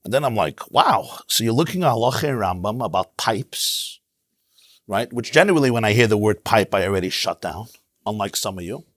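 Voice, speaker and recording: A man teaching a Torah class as a rabbi, in an animated, emphatic way, sprinkling in Hebrew terms. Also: fairly low pitch, brisk, dry recording, studio quality. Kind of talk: lively Torah lecture. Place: synagogue.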